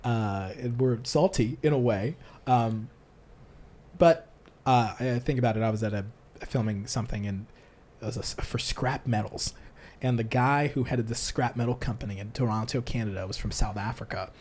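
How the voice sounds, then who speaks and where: A man hosting a casual podcast, talking in a rambling way with many restarts and lively put-on voices, recorded in a church. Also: medium pitch, moderate pace, slight background noise. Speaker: podcast host. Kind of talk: casual chat.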